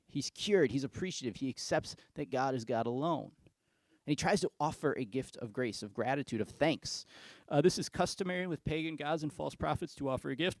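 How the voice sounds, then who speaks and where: Casual, gravelly-voiced male pastor. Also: mid-range voice, no room sound. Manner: casual, conversational retelling with lively asides. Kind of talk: sermon with scripture reading.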